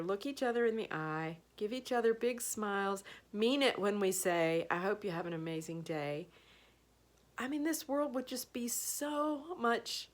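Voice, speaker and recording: Heartfelt woman telling a school story. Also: mid-range voice. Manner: emotional, laughs and tears up while telling; acts out voices in quoted lines. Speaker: vlogger sharing a school story.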